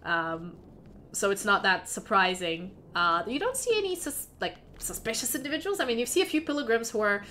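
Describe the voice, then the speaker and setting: A woman's voice: on the high side, big pitch swings, normal speed, bright, forceful tone, a little hiss or hum. A woman narrating as game master of a tabletop fantasy game, chatty and given to laughing asides.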